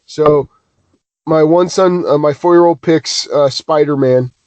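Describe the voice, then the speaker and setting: Higher-voiced man telling rambling stories. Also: unhurried, no echo. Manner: animated, self-deprecating, many restarts. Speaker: podcast co-host. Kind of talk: casual chat, rambling storytelling.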